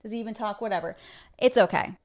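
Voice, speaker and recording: A woman's voice: medium pitch, quick pace, darkish tone. A woman hosting a casual livestream chat, breezy, flippant and chatty. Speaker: livestream host.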